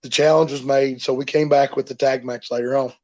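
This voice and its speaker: A man's voice: medium pitch, flat delivery, a little fast, dark tone, lo-fi sound. A man, a professional wrestler, telling stories in a rambling, folksy way during an interview. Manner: rambling, repeats himself, folksy. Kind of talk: casual storytelling in an interview.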